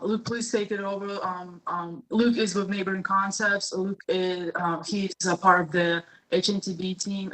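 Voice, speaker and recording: Flat-voiced woman presenting. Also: on the low side, low-quality recording. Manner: hesitant, many fillers. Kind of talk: meeting presentation.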